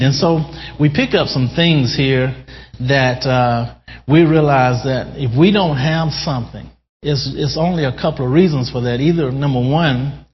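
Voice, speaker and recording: Male pastor, slow emphatic sermon delivery, reverberant church hall, muffled recording. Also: on the high side. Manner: slow, emphatic preaching with drawn-out key words. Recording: dull lo-fi sound in a reverberant hall.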